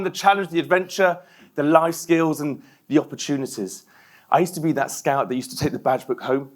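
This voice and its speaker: A middle-aged man from England, giving a motivational keynote speech and leading the audience in call-and-response. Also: medium pitch. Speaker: keynote speaker.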